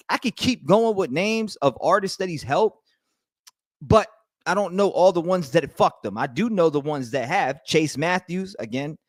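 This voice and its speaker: Stream host, male, slightly high voice, angry rambling rant with swearing and restarts, dry room. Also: a bit bright, dry recording. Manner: heated, profane, rambling with many restarts; reads and answers chat messages. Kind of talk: ranting live stream commentary.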